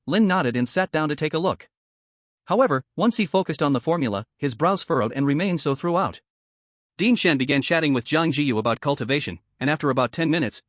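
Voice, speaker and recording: A man narrating an audiobook in a steady storytelling manner. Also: a little high, no echo, clean studio sound.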